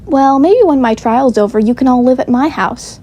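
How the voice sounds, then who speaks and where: A woman's voice: high-pitched, moderate pace, warm tone, lo-fi sound. A woman voicing a flashy, careless rich uncle with a put-on Southern drawl, boastful and smug.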